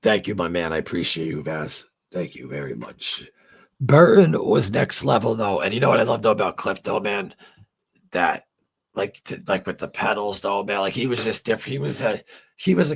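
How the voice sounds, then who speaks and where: A middle-aged man hosts a livestream, chatting loosely with viewers in a rambling way, full of fillers and free swearing. His voice is on the low side, creaky and husky, with a fairly bright tone.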